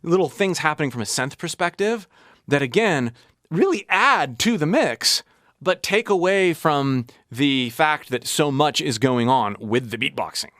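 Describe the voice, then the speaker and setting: A man's voice: on the high side, expressive, unhurried, a bit bright, no room sound, clean studio sound. A man hosting a casual music breakdown, talking enthusiastically and analytically over the song he is playing. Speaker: music reaction host.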